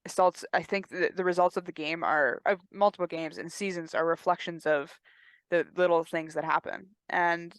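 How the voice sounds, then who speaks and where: A woman with a low voice talks through her thoughts in a reflective, laid-back way on a casual podcast. The recording is dry and close, and she swears freely. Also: fairly even intonation, moderate pace, clear, resonant tone, no room sound. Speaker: podcast co-host. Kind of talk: casual chat.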